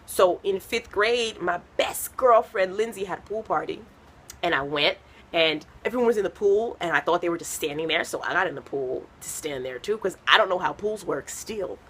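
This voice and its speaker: A woman's voice: lowish voice, moderate pace, fairly bright tone, breathy edge. A woman from a Haitian American family doing a stand-up set, telling rambling stories full of fillers. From United States, Haitian American family. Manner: chatty, rambling storytelling with many fillers. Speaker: stand-up comedian.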